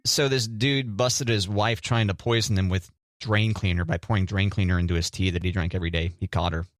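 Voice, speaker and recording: A man's voice: deep voice, steady tone, a little fast, no echo, clean studio sound, faint music behind. A middle-aged man co-hosting a radio show, chatting casually and joking with a teasing manner. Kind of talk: casual banter.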